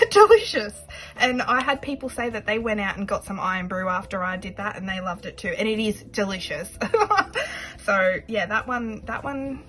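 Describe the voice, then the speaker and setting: A woman chatting casually to camera in a vlog, rambling a little and pausing often with fillers and second thoughts. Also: mid-range voice, bright, forceful tone, faint music behind, poor audio. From Australia. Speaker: budgeting vlogger.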